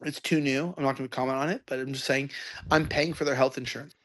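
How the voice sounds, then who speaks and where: A man telling a long rambling story in a loud, ranting way. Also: medium pitch, fairly even intonation, quick pace. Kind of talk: ranting monologue.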